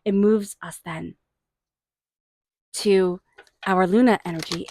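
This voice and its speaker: A woman giving a tarot reading, murmuring invocations to angels and spirit guides and offering warm, excited encouragement. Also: lowish voice, slow, pauses often, dry recording. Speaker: tarot reader. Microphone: own microphone.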